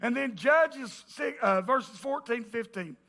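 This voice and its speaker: A male pastor, preaching a sermon in a church, joking with the congregation and breaking into emphatic shouts. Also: very high-pitched, expressive, slow, gravelly. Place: church sanctuary.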